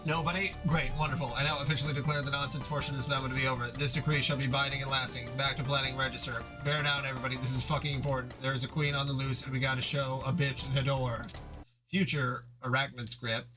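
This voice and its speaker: A man's voice: medium pitch, level tone, quick pace, music in the background, close to an everyday voice. A man playing an irritable young male troll leader, ranting and swearing in a fan audio reading of a chat log. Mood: bossy. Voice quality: profane, ranting.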